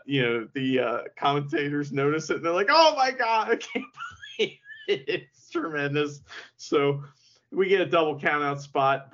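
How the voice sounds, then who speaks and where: A man co-hosting a podcast, chatting casually and profanely, retelling events with lively quoted asides. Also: fairly high pitch, lo-fi sound. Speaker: podcast co-host. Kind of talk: casual chat recapping wrestling.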